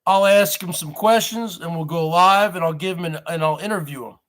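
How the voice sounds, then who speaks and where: A man's voice: high voice, moderate pace, a bit bright. A man hosting his own live stream, rambling to viewers as "folks" with repeated rhetorical questions. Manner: addresses audience as folks. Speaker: livestream host.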